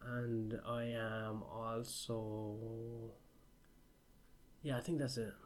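A man in casual conversation, joking in a sarcastic, deadpan way. He co-hosts a podcast with a friend. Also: mid-range voice, drawn-out words, slight background noise. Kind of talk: casual chat.

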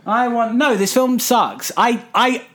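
A man's voice: expressive, moderate pace, fairly bright tone. A man co-hosting a podcast, recapping and mocking a film in casual, sarcastic, profanity-laced chat. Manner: sarcastic, swears, jumps high when exasperated. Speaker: podcast co-host.

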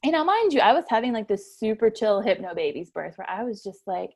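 A woman's voice: mid-range voice, very animated, fairly quick, darkish tone. A woman in her thirties, a guest chatting casually about her birth stories, laughing often and acting out what people said. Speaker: guest mother sharing her birth story. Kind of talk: casual storytelling interview.

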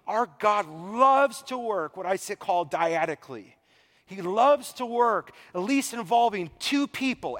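Animated man preaching a sermon. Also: high voice, long reverb tail. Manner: animated preaching, acts out quoted voices. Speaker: pastor.

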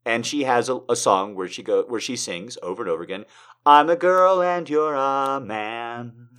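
A man's voice: mid-range voice, moderate pace, a bit bright, clear, resonant tone. A man reading old letters aloud, then breaking off into chatty, wry, self-deprecating asides. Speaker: reader of historical letters. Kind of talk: casual read-aloud with joking asides.

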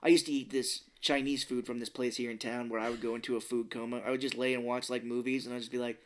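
A man's voice: mid-range voice, flat delivery, fast. A man co-hosting a podcast, chatting casually as he recaps a film, acting out the characters' lines in funny voices and swearing freely. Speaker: podcast co-host. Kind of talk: casual movie recap chat.

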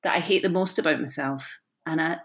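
A woman in her forties with a slight lisp, chatting in an interview, self-deprecating and quick to laugh. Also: deep voice. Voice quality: slight lisp, lazy tongue. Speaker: actress, podcast guest. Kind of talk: casual interview chat.

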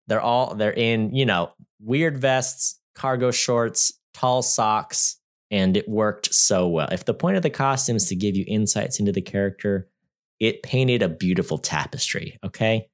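A man's voice: fairly low pitch, measured pace. Rambling, chatty man reviewing a movie. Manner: rambling, chatty, joking, full of fillers. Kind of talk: casual podcast movie review.

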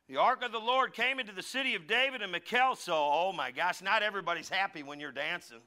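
Speaking fast and barely pausing, this middle-aged pastor's high, bright voice carries an animated sermon. He gives each figure in his stories a character voice and calls on the congregation to say lines back.

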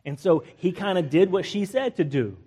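High-voiced playful preacher man. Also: animated, normal speed, warm tone, husky. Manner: acts out biblical characters in playful asides, jokes with the congregation. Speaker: pastor. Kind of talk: lively conversational sermon.

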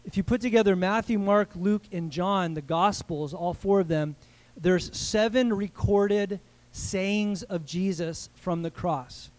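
A middle-aged man filling in as guest pastor, preaching a sermon in a conversational way with joking asides and quick restarts. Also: high voice, a little mellow. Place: church service.

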